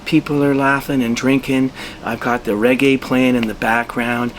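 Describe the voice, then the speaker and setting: A man who is a local musician, telling a casual anecdote in an animated way and acting out the dialogue. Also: mid-range voice, normal speed, a little hiss or hum. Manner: animated storyteller, acts out dialogue, chuckles while telling. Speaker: local musician being interviewed.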